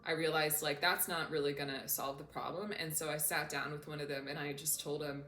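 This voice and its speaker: A woman with a fairly low voice talks casually to her camera as a coach. She sounds earnest and openly emotional. The room is echoey, with a faint hum underneath. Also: fairly even intonation, fairly quick, sharp tone. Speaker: self-development coach.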